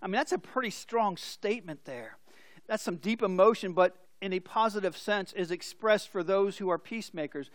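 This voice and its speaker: High-voiced man preaching a sermon. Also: moderate pace, dry recording. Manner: storytelling with acted-out voices. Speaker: pastor.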